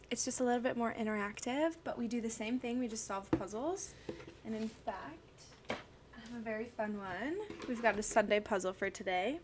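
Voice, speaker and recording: A woman's voice: fairly high pitch, a little hiss or hum. A young woman streaming a crossword session, chatting casually and gushing as she greets viewers by name. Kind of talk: casual livestream chat.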